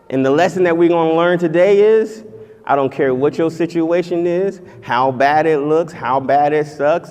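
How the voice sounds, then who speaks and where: A man preaching a conference sermon, swinging from loud exhortation down to hushed, prayerful tones. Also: a little high, smooth. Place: conference hall. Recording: reverberant hall.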